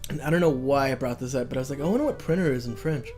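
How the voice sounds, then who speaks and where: A man's voice: medium pitch, rapid-fire, a little mellow. A young man chats casually on a podcast, joking and laughing as he tells stories. He slips into playful accent impressions. Faint guitar music plays behind him. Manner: jokey, mimics accents, laughs a lot. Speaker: podcast co-host. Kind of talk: casual chat.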